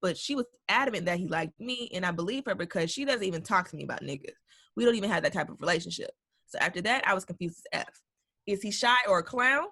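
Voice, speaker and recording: A woman's voice: medium pitch, expressive, fast, pushed and bright. A woman co-hosting a casual podcast, reading a listener's email aloud with slang, swearing and bursts of laughter. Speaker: podcast co-host.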